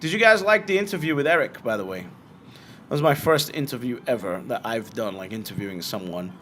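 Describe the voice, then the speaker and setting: A young man from Britain hosting a casual livestream, answering viewer questions bluntly and swearing freely. His voice sits at a middle pitch, with faint noise and room ambience behind it. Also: brisk. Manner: blunt, swearing, animated asides. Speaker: bitcoin livestream host.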